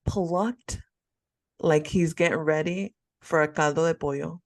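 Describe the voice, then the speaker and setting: A woman co-hosting a chatty podcast tells her story with dramatic flair. Her voice sits on the low side, and she leans into every twist of the tale. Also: fairly even intonation, normal speed. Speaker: podcast co-host. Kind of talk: casual chat, storytelling.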